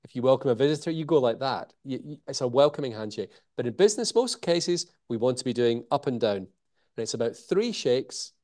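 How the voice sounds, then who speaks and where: A man, a guest in an interview, explaining communication techniques in an animated way, changing his pace and pausing for emphasis. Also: mid-range voice. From Scotland. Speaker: communication author and trainer.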